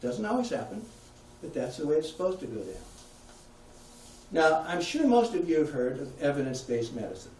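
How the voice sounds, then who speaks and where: A man's voice: a little high, big pitch swings, brisk, darkish tone, recorded from a distance, a little hiss or hum. A man giving a conversational public talk, putting questions to his audience. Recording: echoey room, heard from afar.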